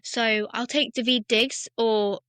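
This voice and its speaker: A woman co-hosting a podcast, explaining things in a steady, enthusiastic casual chat. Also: fairly high pitch, slow pace, clear, resonant tone, dry recording, studio quality. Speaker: podcast co-host.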